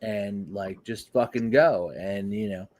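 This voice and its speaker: A man co-hosting a casual wrestling podcast, talking in an excitable, rambling way and swearing freely. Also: fairly low pitch, slow, crowd noise. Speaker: podcast co-host.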